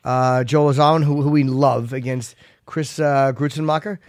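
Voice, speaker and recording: A man's voice: medium pitch, steady tone, normal speed, darkish tone, no echo, studio quality. A man hosting a casual sports chat, upbeat as he runs through fight lists. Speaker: podcast host.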